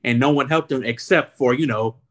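A man's voice: mid-range voice, a little fast. Easygoing male podcast co-host. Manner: relaxed, agreeable, storytelling. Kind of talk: casual chat.

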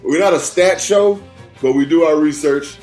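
Profane man, fast slangy podcast talk. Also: a little high, a little mellow, soft background music. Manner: profane, fills talk with "you know what I'm saying". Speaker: podcast co-host. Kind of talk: casual sports podcast chat.

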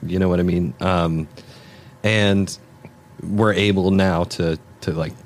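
A man's voice: low-pitched, steady tone, takes it slowly, a little hiss or hum. A man, a musician guest on a podcast, chatting casually in a laid-back way that trails off and restarts. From Southern Oregon, United States. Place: lodge room.

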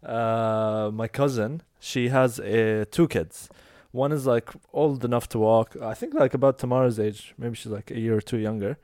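A man's voice: moderate pace, no room sound, clean studio sound. A man hosting a podcast, telling a story in casual chat and acting out the people in it. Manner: animated, acts out quoted voices in high pitch. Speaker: podcast host.

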